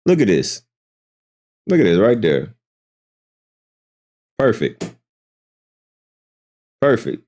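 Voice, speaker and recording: A man commentating on a clip he is watching, sounding incredulous and throwing rhetorical questions at his viewers. His voice sits low, but it swings widely in pitch. He takes his time over every word. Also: huge pitch swings, extremely slow, pauses often, darkish tone. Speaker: reaction commentator. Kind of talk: reaction commentary.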